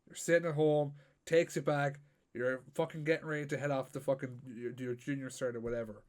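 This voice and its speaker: A man's voice: medium pitch, fairly even intonation, brisk, a crowd in the background. A man in his twenties with an Irish accent, hosting a podcast in loose, laid-back chat with frequent swearing. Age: 20s. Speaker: podcast host.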